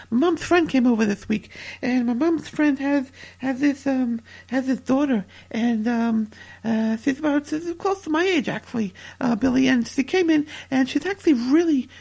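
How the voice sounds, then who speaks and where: Bashful stammering young guy, put on by a woman, slow, gravelly and hesitant. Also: high voice, a little mellow, full character voice. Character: awkward shy young man, stammering.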